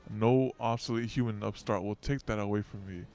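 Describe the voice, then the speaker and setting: A man's voice: fairly low pitch, steady tone, brisk, a little mellow, soft background music, lightly acted. A man voicing an aging giant beast-tsar in a game story, reading in a grave, solemn way. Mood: defiant.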